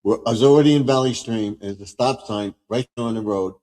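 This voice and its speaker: A man in casual live stream chat tells easygoing, rambling anecdotes and murmurs agreement in between. His voice has a mid pitch, and it rings with a long reverb, as if he is in a big, echoing space. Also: fast talker, darkish tone.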